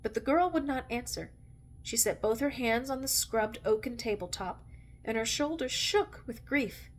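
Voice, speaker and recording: A woman reading a novel aloud in a measured, expressive way. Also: fairly high pitch. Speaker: reader.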